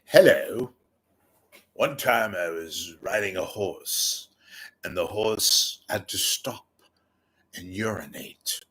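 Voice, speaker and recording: A goofy, mock-posh British character spouting absurd nonsense, as a man puts him on. The voice sits on the low side and strolls along at a leisurely pace. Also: lively intonation, slow pace, long pauses, fairly bright tone, husky, exaggerated voice. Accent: British (put on).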